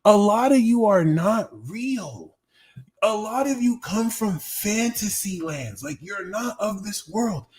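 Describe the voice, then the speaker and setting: Young guy doing a tarot live, kinda high voice, swears a lot, chatty. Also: slow pace. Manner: profane, slangy, animated, answering chat. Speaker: tarot reader. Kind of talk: live-stream tarot reading.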